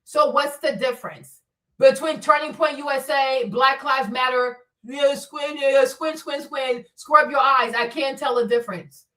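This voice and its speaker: A woman's voice: high-pitched, fairly even intonation, a little slow, sharp tone, far from the mic, poor audio. A woman who immigrated to the US, hosting a casual opinion commentary and ranting bluntly, sarcastically and profanely. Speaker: commentary channel host.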